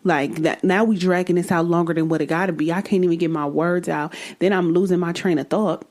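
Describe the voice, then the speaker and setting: A woman hosting a solo podcast, talking in a blunt, exasperated way with free swearing. Her voice sits a little low, and her speech has a casual flavor. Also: fairly even intonation, a little fast, darkish tone. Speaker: podcast host.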